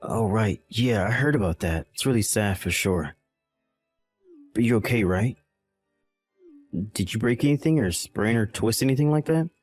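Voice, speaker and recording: A cold, dismissive husband, voiced by a man, with a lowish voice that swings up sharply when he scoffs. He sounds impatient in this text-message drama, with soft music under him. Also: animated, normal speed, long pauses. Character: dismissive, callous young husband.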